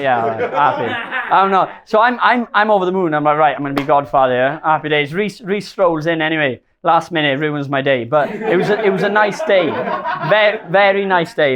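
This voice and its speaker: A young man with a slightly high voice, giving a best man toast at a wedding reception. He rambles and loops back on himself. He gets emotional and laughs at his own stumbles. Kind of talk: wedding speech.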